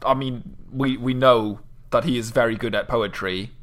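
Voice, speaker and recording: A man's voice: mid-range voice, steady tone, normal speed, a bit bright. A man in a casual literary discussion who stammers at the start of a thought, then reasons steadily. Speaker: podcast co-host discussing poetry.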